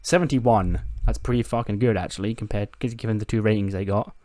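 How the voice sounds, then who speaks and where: A man with a fairly low voice narrates his game playthrough in a loose, chatty way, jumping into playful voices for the characters. The sound is dry and close to the mic, with no room around it. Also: steady tone, brisk, warm tone, dry recording. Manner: acts out quoted lines in playful put-on voices, laughs often, swears. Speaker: game series host. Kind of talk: casual let's-play narration.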